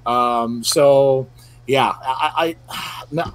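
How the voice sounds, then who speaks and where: A man's voice: medium pitch, takes it slowly. A man hosting a casual podcast round-table, rambling along with lots of fillers and restarts. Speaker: podcast host.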